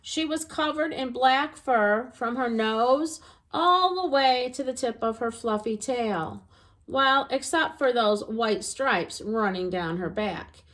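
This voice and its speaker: A woman narrating a children's storybook aloud in an expressive, gentle reading voice. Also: on the high side, slow.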